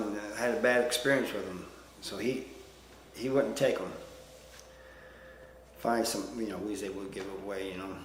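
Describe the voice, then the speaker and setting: Rambling low-voiced man, echoey room. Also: a little fast, a little hiss or hum. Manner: rambling, plain-spoken with many "you know" fillers; folksy, self-deprecating. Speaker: storyteller. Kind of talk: casual storytelling.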